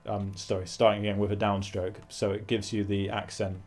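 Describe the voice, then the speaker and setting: A man's voice: lowish voice, flat delivery, a little fast, a little mellow. A man teaching a guitar lesson, explaining phrasing and singing rhythm syllables between his points. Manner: thinking aloud with fillers and restarts. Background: guitar playing.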